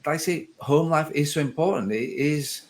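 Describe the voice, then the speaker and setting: A man's voice: a little high, normal speed. A man hosting a podcast, chatting casually in a rambling, conversational way and often correcting himself mid-sentence. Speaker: podcast host.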